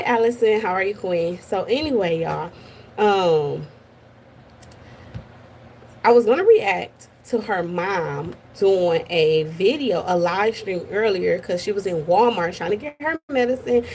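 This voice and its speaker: A woman's voice: mid-range voice, a little mellow, a little hiss or hum. A woman hosting a casual live stream from her office at work, chatty and gossipy, greeting viewers by name.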